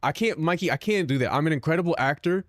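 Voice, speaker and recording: A man's voice: fairly high pitch, lively intonation, fast, no echo, clean studio sound. A young man streaming and chatting casually with his viewers, joking, swearing and mocking himself. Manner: self-mocking, profane, joking.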